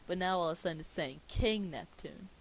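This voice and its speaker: A man's voice: high-pitched, a little fast, low-quality recording. A man reading a cartoon movie script aloud as comedy, stopping now and then to question the script. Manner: reads stage directions aloud, stops to question the script. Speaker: script reader. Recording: faint hiss behind.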